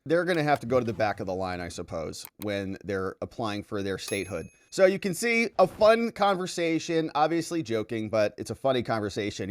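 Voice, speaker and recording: A man giving animated political commentary, sarcastic and mocking, with frequent asides. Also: fairly high pitch, no room sound, studio quality.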